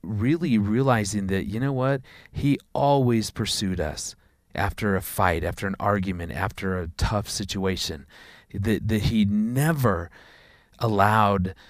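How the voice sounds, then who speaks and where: A man, a father of four, telling a personal story in a conversation, earnest and halting, often repeating words. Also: on the low side, no room sound, clean studio sound.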